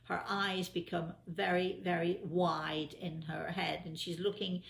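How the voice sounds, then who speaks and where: A woman with a low, gravelly voice tells a personal story in a relaxed, meandering way. She fills her sentences with ums and false starts. The sound carries noticeable room echo. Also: a little slow, slight background noise. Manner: rambling with many fillers and restarts. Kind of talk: casual spoken storytelling.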